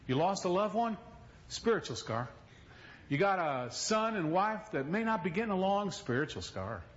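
Animated preaching man, lively swings. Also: medium pitch, lo-fi sound, slight background noise. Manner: animated preaching, swings between loud and hushed. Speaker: pastor. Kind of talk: sermon.

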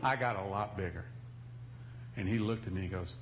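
A man's voice: low-pitched, moderate pace, dull audio, slight background noise. A male pastor preaching a sermon in a folksy, emphatic storytelling manner, recorded in a church.

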